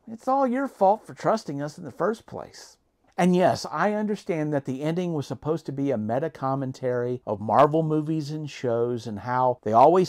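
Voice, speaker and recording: A man's voice: fairly high pitch, darkish tone. A man vlogging an opinionated TV review monologue, earnest and emphatic, reasoning point by point.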